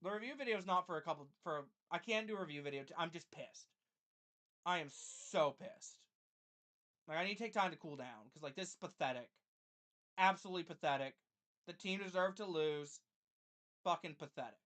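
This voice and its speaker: A woman's voice: lowish voice, a little fast, long pauses, fairly bright tone. A woman streaming a live fan reaction, calling plays and then ranting angrily with heavy swearing. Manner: play-by-play calling of the game.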